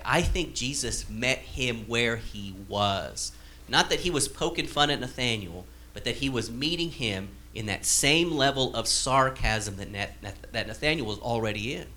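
Bright-voiced male pastor preaching. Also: mid-range voice. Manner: conversational, acts out quoted dialogue with sarcasm. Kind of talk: sermon.

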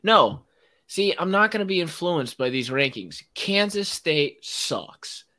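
A man's voice: on the high side, lively intonation, slow pace, sharp tone. A man hosting a casual sports podcast, ranting with strong opinions and frequent laughs. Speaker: podcast host.

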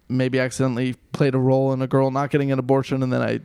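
A male comedian telling a story on a podcast in casual chat, animated, swearing freely and laughing at himself. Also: mid-range voice, moderate pace, dry recording, studio quality.

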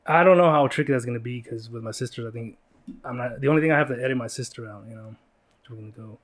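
A man's voice: medium pitch, very fast. A man hosting a casual podcast chat, rambling and joking with many fillers and restarts. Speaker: podcast host.

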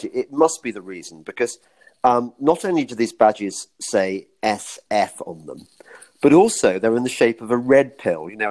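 A man from Britain, a guest in a casual chat, rambling in a halting, ironic way. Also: medium pitch, darkish tone.

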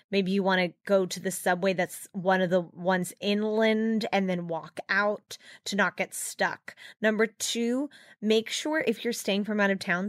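A playful woman from California co-hosts a podcast, chatting in a bright, theatrical manner. Her voice sits at an ordinary pitch and sounds close and dry, with no room around it. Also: dry recording. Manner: playful, theatrical, quick to laugh. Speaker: podcast co-host. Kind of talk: casual chat. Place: studio.

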